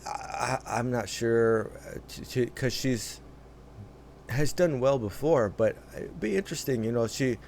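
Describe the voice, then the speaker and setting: A man's voice: mid-range voice, measured pace, a little mellow, a little hiss or hum. A man hosting a reaction video, commenting casually in a rambling way with many restarts and fillers. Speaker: reaction host.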